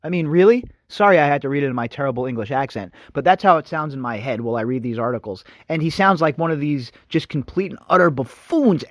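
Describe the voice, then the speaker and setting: A man's voice: on the high side, expressive, fast, hardly any pauses, no echo. A male radio host giving a sarcastic, mocking, opinionated commentary monologue.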